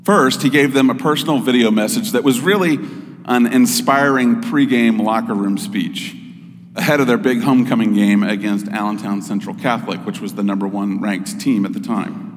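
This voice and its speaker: A man giving a sermon as pastor, in a measured, explanatory way. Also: on the low side, long reverb tail.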